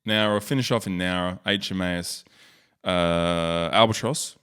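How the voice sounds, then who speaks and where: Australian male vlogger, low voice, jokey, self-mocking, off-the-cuff commentary. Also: steady tone, unhurried, a bit bright, clear, resonant tone. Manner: joking, rambling, self-mocking. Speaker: YouTube host. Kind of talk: casual screen-share commentary.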